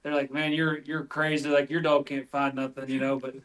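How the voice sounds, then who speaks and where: A man's voice: on the high side, little pitch movement, a little fast, a bit bright. A man from West Virginia, a podcast guest, telling tracking stories in a rambling way full of fillers. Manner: rambling, filler-heavy storytelling. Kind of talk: casual chat.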